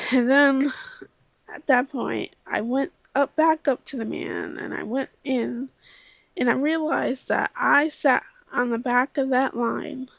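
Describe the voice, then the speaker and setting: A young woman vlogger telling a rambling, self-deprecating story in casual chat, a little tipsy, with laughs and soft whispered asides. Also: fairly high pitch, creaky, no room sound.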